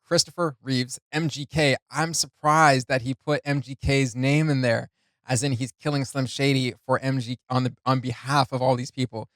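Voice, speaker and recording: A man talks through song lyrics for his reaction channel in an easygoing, unscripted way, laughing softly between thoughts and stumbling through fillers. His voice sits in an ordinary middle pitch. The recording is close and dry, with no room echo. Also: fairly even intonation, normal speed. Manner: chuckles often, loose, with many fillers. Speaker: reaction video host. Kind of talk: casual reaction commentary explaining rap lyrics.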